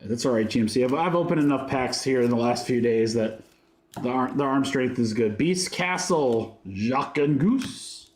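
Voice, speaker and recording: During a casual livestream, a man opens trading card packs for a break, rattling off card names and adding chatty asides to viewers. His mid-range voice has a darkish tone and moderate pace, in a reverberant space.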